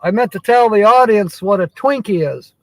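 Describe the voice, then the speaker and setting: A man's voice: high-pitched, normal speed, a little mellow, dry recording, poor audio. A man hosting a live stream from his truck, chatting casually and chuckling often. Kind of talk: casual chat.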